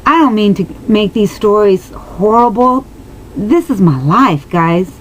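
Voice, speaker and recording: A woman's voice: medium pitch, expressive, measured pace, slight background noise, low-quality recording. A woman telling a personal story straight to her viewers, earnest and emotional, rambling with many restarts and asides. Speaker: vlogger answering viewers.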